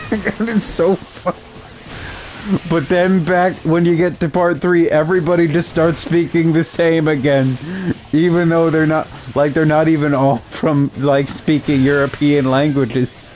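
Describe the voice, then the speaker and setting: A man's voice: a little high, little pitch movement, normal speed, a little mellow, a little hiss or hum. A young adult man giving casual, rambling gaming commentary, full of fillers and amused asides.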